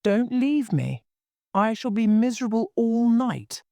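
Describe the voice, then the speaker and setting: A reader voicing a spoiled, quarrelsome young woman in an audiobook, going high and shrill when angry. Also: sing-song, a little slow, creaky, warm tone, no room sound. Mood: pleading. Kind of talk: audiobook reading.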